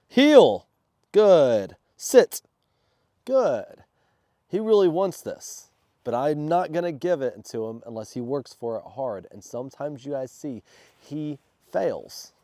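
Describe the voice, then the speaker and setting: A man who is sick and under the weather, explaining dog training in a casual vlog and snapping out loud commands to his dog. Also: medium pitch, no echo, studio quality. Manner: loud sharp commands between relaxed explanations. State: sick, congested. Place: outdoors in a backyard.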